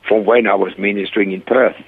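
An older man with a low, gravelly and husky voice tells his stories over a tinny phone line. He brings the people in his stories to life with animated, voiced quotes. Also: fast. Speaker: guest, rehab centre founder. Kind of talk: storytelling interview.

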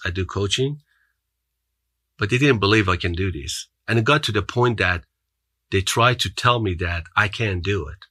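A man's voice: low voice, pushed and bright, husky, no room sound. Earnest man with an accent. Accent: foreign accent. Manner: earnest, motivational, with restarts. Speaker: podcast guest. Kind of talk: storytelling in an interview.

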